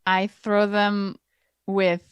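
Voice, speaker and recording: A woman playing a tabletop game, chatting quickly and playfully. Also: medium pitch, completely flat delivery, clean tone, dry recording, muffled recording. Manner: quick, playful, laughs often. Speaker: player. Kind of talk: casual tabletop game chat.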